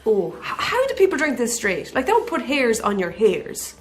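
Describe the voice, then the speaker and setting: A woman's voice: on the high side, wildly swooping pitch, moderate pace. An Irish woman co-hosting a casual whiskey tasting chat, blunt and grumbling, with a sweary edge. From Ireland. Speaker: podcast co-host.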